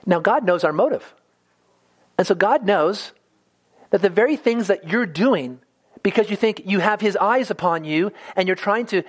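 A man preaching a sermon in an earnest way, often stumbling and repeating words as he goes. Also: high voice.

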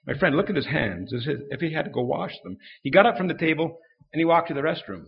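A man giving a fast, story-driven live talk on defending the faith, acting out the voices in his anecdotes. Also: a little high, creaky, highs cut off. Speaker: Christian speaker.

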